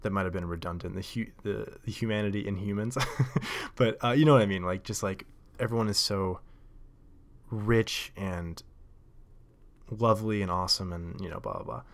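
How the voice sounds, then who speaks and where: A man's voice: on the low side, moderate pace. A man hosting a show, telling a story in a rambling, casual monologue full of fillers and self-corrections. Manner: rambling, lots of likes and self-corrections, laughs often. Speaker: podcast host.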